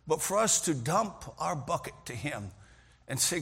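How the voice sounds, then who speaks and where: A middle-aged male pastor preaching a sermon, telling stories earnestly and often clearing his throat. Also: a little high, big pitch swings, measured pace, a bit bright. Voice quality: gravelly, husky voice. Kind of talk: sermon with storytelling.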